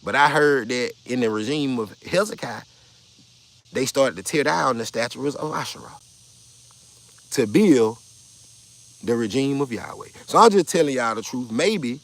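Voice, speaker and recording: A man's voice: mid-range voice, lively intonation, measured pace, long pauses, fairly bright tone. Blunt, profane man ranting on a live stream. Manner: blunt, profane, argumentative, repeats himself. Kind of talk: casual live stream rant.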